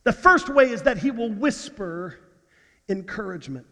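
A man's voice: high-pitched, expressive, moderate pace. A male pastor preaching a sermon, with dramatic swings down to near-whispers and stammering restarts. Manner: dramatic dynamics, dropping to hushed near-whispers. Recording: reverberant hall.

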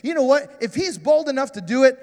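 A man's voice: very high voice, expressive, a little fast, a little mellow, in a large hall. A man preaching a sermon, telling stories and building to passionate appeals. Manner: storytelling, rising to passionate preaching. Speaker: pastor. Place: church sanctuary.

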